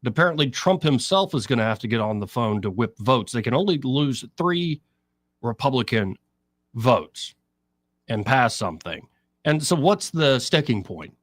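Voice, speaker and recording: A man's voice: medium pitch, moderate pace, no echo. A man hosting talk radio, explaining politics and mimicking what others say. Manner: explanatory, quotes others in an animated voice. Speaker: radio talk show host.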